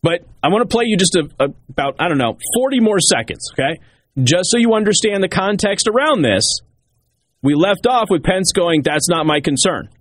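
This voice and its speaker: A talk show host delivering political commentary in an emphatic way, hammering key points by repeating them. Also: male voice, high-pitched, expressive, normal speed, fairly bright tone, no echo.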